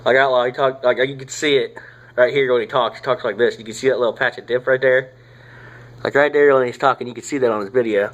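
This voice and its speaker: A young man, rambling casually through a product review, swearing often and filling pauses with "uh" and "like.". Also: medium pitch, fairly even intonation, fairly bright tone, highs cut off. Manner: rambling, profane, drawling with frequent fillers. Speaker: tobacco reviewer.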